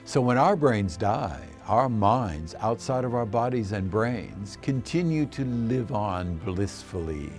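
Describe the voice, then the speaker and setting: A man narrating a scripted explainer in a measured, assertive way. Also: fairly low pitch, expressive, a little mellow, faint music behind.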